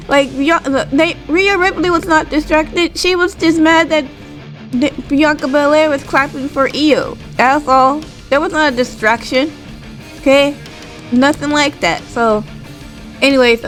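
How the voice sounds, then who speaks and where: A woman's voice: a little high, poor audio. A woman casually recapping a wrestling show, rambling and tagging her sentences with "like" and "right?". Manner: rambling, full of "like" and "right?" tags.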